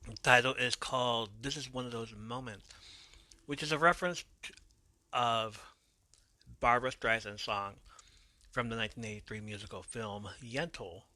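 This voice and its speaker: A man's voice: medium pitch, fairly even intonation, moderate pace, pauses often, sharp tone, dry recording. A man hosting a podcast, casually recapping an episode in a loose manner, swearing now and then and correcting his own slips. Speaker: podcast host.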